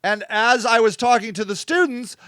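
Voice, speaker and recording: A man's voice: very high voice, normal speed, a bit bright, no echo, clean studio sound. A man hosting a casual live-stream monologue, blunt and swearing, often asking "okay?". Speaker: host.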